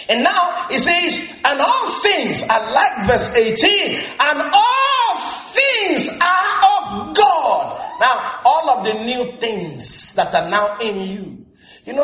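A preacher with a very high voice delivers a lively sermon, his pitch leaping up and down as he keeps asking the congregation whether they are with him. He often rises into shouted emphasis. His voice rings around a roomy church hall. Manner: lively preaching with frequent call-and-response questions to the congregation; frequent bursts of shouted emphasis. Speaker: pastor.

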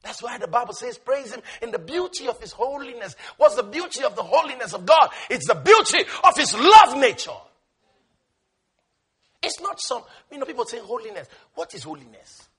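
A man preaching a sermon with passion, swinging from shouted lines to hushed asides. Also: very high voice, husky.

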